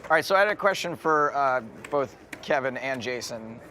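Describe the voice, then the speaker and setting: A man's voice: medium pitch, lively intonation, moderate pace, pushed and bright, slight background noise. A man hosting a live poker show, asking the players upbeat questions like an eager fan. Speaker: host. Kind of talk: hosting casual poker chat. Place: casino poker table.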